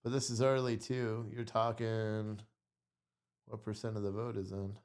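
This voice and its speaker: A man's voice: lowish voice, little pitch movement, a little slow, darkish tone, smooth. A man hosting a live stream late at night, tired out and rambling. He talks loosely and casually, with frequent swearing and restarts. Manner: rambling and profane.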